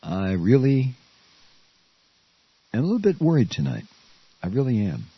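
A man's voice: mid-range voice, huge pitch swings, normal speed, breathy edge, no room sound, lo-fi sound. A man hosting a radio talk show, ranting furiously with stammers and profanity. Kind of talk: angry political rant.

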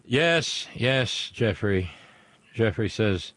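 A man's voice: fairly low pitch, normal speed, no echo. A man hosting a live show, rambling through jokes and puns and stumbling over his words as he reads out viewer messages. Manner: rambling, pun-heavy, stumbles and restarts. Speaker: show host.

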